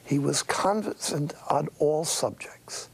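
A man's voice: on the high side, slow pace, creaky, husky. An older man, a monastic priest, giving a wry, anecdotal talk with half-whispered asides. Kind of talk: storytelling talk.

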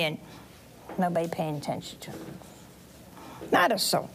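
Speaking a little slowly and pausing often, a mid-range woman preacher shares a Bible story with children and families in church, over a faint hiss or hum. She acts out voices, stays animated, and asks her audience questions.

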